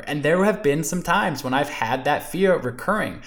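Earnest, animated male storyteller. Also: fairly high pitch, a little fast, hardly any pauses. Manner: earnest, animated storyteller with frequent "you know" and "like". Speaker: podcast guest. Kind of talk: conversational storytelling interview.

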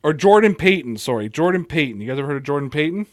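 A man with an American Italian accent hosts a casual sports podcast over a video call through a computer mic, joking loosely and trailing off before restarting. His fairly high voice is animated and rapid-fire, with studio-quality sound and no echo.

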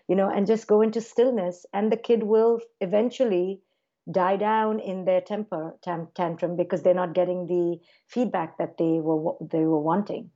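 Animated woman with a warm, mellow voice. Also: lowish voice, normal speed, muffled recording. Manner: animated, acts out parent and child voices in quotes. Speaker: clinical psychologist guest. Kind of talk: conversational interview.

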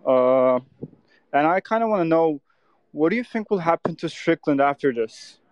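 A man's voice: on the high side, expressive, moderate pace, darkish tone, dry recording, muffled recording. A man calling in to ask the host a question, speaking hesitantly. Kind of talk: asking a question.

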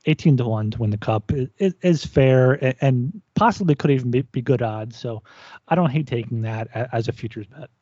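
A man's voice: medium pitch, a little fast, warm tone, no room sound, dull audio. A man from the United States co-hosting a casual sports talk, earnest, often restarting his sentences. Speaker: podcast co-host. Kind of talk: casual chat.

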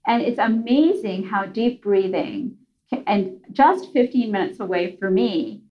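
A woman's voice: mid-range voice, sing-song, a little slow, highs cut off. A middle-aged woman guest on a podcast, telling a story in a chatty, conversational way with many fillers. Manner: chatty, frequent fillers and restarts.

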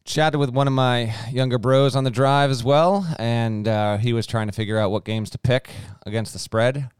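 A man's voice: mid-range voice, steady tone, moderate pace, clear, resonant tone, no echo. Man, podcast co-host, casual betting chat, stat-heavy, resonant voice, dry sound. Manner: chatty, stat-heavy, restarts sentences.

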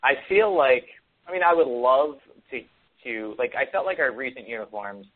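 A man co-hosting a casual sports talk show, rambling with many ums and restarts. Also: lowish voice. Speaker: podcast co-host. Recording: tinny phone-like sound.

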